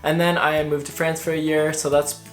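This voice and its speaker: A woman's voice: low-pitched, flat delivery, moderate pace. A young woman from Canada giving a casual, friendly explanation to her viewers in a vlog. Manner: friendly, chatty teaching tone. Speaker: language vlogger.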